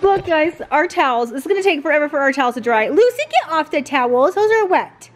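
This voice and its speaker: Playful high-voiced mom vlogging at home. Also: female voice, big pitch swings, quick pace. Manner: chatty and playful. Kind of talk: casual family vlog chat. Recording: loud background noise and clicks.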